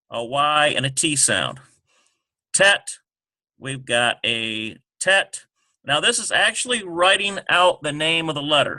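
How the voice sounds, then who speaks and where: Halting man walking through a lesson. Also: fairly high pitch, bright, forceful tone, dry recording. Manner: halting, self-correcting, many ums. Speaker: teacher. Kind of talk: screen-recorded lesson walkthrough.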